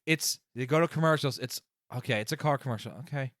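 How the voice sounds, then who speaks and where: A man co-hosting a podcast in casual chat, joking and getting excited as he talks. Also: mid-range voice, quick pace, no echo, clean studio sound. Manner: excited, joking, quotes lines from the show. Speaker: podcast co-host.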